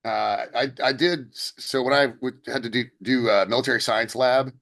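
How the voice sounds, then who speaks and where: A man's voice: medium pitch, fairly even intonation, moderate pace, fairly bright tone. A young man co-hosting a podcast, telling stories in a rambling casual way with many fillers and restarts. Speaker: podcast co-host. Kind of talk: casual chat.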